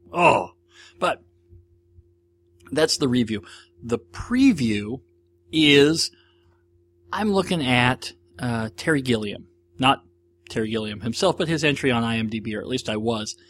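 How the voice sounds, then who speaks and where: A man's voice: mid-range voice, slight background noise. An American man hosting a podcast, talking through movie reviews in a rambling, enthusiastic, casual solo monologue. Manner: rambling, enthusiastic, chatty with many restarts. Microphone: audio-only recording, no video.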